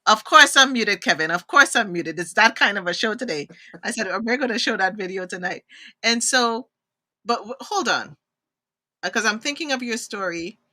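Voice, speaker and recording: A woman from Trinidad hosting a live interview show on a video call, animated and expressive, drifting into tangents. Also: mid-range voice, normal speed. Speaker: host.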